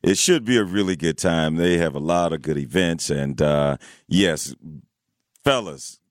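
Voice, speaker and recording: Reserved low-voiced male radio host. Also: dry recording, studio quality. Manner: reserved, measured. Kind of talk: casual morning radio chat. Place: radio studio. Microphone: studio microphone.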